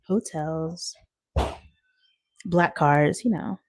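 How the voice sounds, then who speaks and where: Speaking slowly with frequent pauses, a deep-voiced woman keeps her intonation fairly even. She's a thirtysomething from Washington State doing a casual live-stream chat from home on her phone, reading viewer comments and often laughing.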